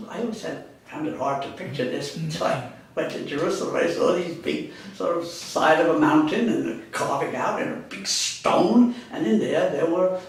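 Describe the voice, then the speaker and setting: Male lecturer, slightly high voice, meandering delivery, distant mic in a very echoey room. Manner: rambling, self-correcting, conversational. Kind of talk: university lecture. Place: classroom. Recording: echoey classroom, speaker far from mic.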